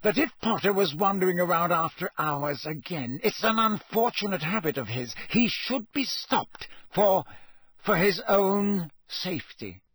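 Snape, a man doing a slow, icy professor. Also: high voice, expressive, fairly bright tone, breathy edge, dry recording, pitched above the performer's own voice, heavily acted. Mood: forced calm. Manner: slow, strained and clipped. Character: cold, icily controlled male potions professor. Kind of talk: audiobook character voice.

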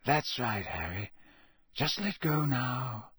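Man doing a very old headmaster, gentle, soothing, slow, a little husky, dry close sound. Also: medium pitch, big pitch swings, dry recording, heavily acted. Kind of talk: audiobook character voice.

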